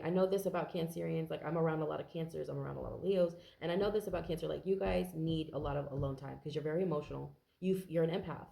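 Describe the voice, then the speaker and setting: A woman's voice: fairly low pitch, gravelly, warm tone, echoey room. A woman giving a casual, earnest tarot reading to camera, chatty and full of fillers, now and then swearing. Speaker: tarot reader.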